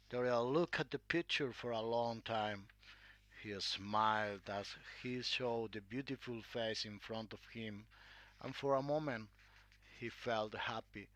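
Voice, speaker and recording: A man narrating a classic story, reading in a clear, measured way. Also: medium pitch, fairly bright tone, dry recording.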